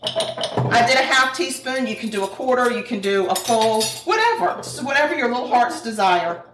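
Woman, cooking-show host, folksy, bright tone, distant mic. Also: on the high side, expressive, moderate pace, faint music behind. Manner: chatty, laughs often, folksy words. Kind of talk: casual kitchen chat. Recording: echoey room, mic at a distance.

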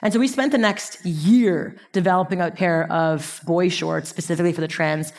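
Animated woman telling business stories. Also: on the low side, normal speed. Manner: animated storytelling, acting out quotes, laughing. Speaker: speaker. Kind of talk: motivational talk.

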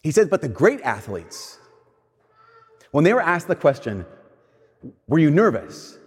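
A man's voice: fairly high pitch, big pitch swings, breathy edge. Man preaching in a reverberant hall. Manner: conversational preaching, shifts between slow emphatic lines and quick asides. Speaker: pastor. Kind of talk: sermon.

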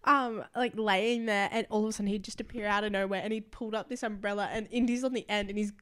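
A woman's voice: medium pitch, fairly even intonation, quick pace, a bit bright, smooth. A woman in her twenties chiming into a casual chat, adding to shared travel stories with laughs.

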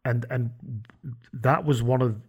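Brief: male podcast host, mid-pitched voice, casual questions, trips over his words. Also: fairly even intonation, darkish tone, slightly rough. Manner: chatty, with stumbling restarts and quick agreement. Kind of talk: conversational interview.

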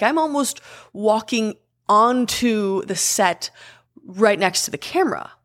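A young woman tells a story from her own life in a relaxed, chatty way. She speaks in a mid-range voice and gets animated, jumping up in pitch whenever she quotes someone. The tone stays casual and conversational throughout.

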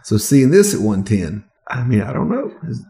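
A man's voice: medium pitch, very animated, moderate pace, dark tone. A man from the American South co-hosting a casual whiskey tasting, easygoing and joking, with hesitant restarts.

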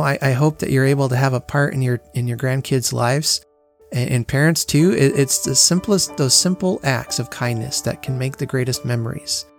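Earnest man hosting a home podcast. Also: mid-range voice. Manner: earnest, reflective storytelling. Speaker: podcast host. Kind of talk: casual podcast monologue.

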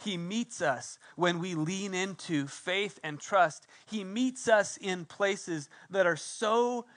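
Fervent high-voiced male preacher. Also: slow. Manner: passionate, swings from loud emphasis to hushed intimacy. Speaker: pastor. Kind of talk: sermon.

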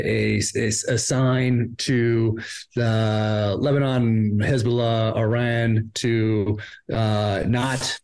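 A man hosting a podcast, asking halting questions full of fillers and restarts. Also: fairly low pitch, darkish tone. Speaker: podcast host. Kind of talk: interview questions.

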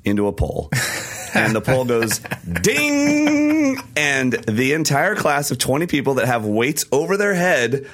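A man co-hosting a podcast, hoarse from losing his voice, telling stories excitedly and laughing often in casual chat. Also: medium pitch, normal speed. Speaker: podcast co-host.

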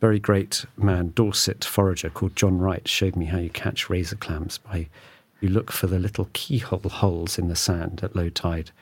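Male podcast host; husky, low, chatty and self-deprecating, dry studio sound. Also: steady tone, moderate pace, hardly any pauses, dry recording. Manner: chatty, self-mocking, laughs often. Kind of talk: casual studio chat.

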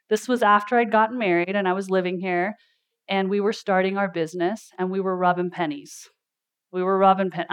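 A woman's voice: medium pitch, clear, resonant tone. Lady coach talking to a room at a live event, chatty storyteller, laughs a lot. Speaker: life coach. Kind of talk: motivational talk at a live event.

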